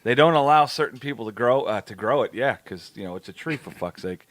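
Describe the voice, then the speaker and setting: A man's voice: medium pitch, lively intonation, fairly quick, fairly bright tone, dry recording. Crude, laughing New man. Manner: crude, swearing, laughing often. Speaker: podcast co-host. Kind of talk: casual chat.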